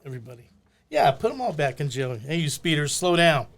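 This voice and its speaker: A gravelly older man spins stories from his old working days in loose podcast conversation. His voice sits a bit high for a man. He throws himself into the voices of the people he quotes as he talks. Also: sing-song, a little fast. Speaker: podcast guest, former bail bondsman. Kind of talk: casual storytelling chat.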